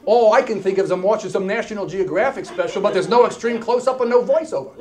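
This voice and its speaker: A man telling a comic story on stage as a keynote speaker, wisecracking and animated, dropping into hushed asides. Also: high-pitched, fast, noisy background. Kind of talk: stand-up comedy storytelling. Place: stage before a live audience.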